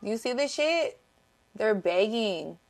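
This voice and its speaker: Her voice sits a little high and sounds expressive, and she talks a little slowly. She's a tarot reader doing a casual, profane, blunt reading, repeating points for emphasis and welcoming viewers in the live chat.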